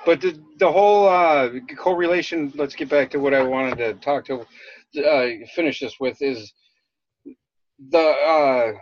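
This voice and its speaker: A man from Minnesota with a Minnesota accent, rambling in casual chat as a podcast host, halting and restarting often. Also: on the high side, slight background noise. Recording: dull lo-fi dry sound.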